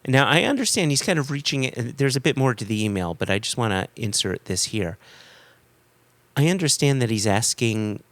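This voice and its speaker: A man's voice: mid-range voice, animated, moderate pace, dry recording. A man hosting a casual podcast, reading listener emails aloud, laughing often and trailing off mid-sentence. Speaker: podcast host.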